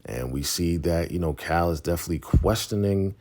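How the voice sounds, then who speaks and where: A man's voice: low voice, brisk, a little mellow. A man casually recapping a TV episode, retelling scenes and acting out the characters' lines. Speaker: TV show recap host.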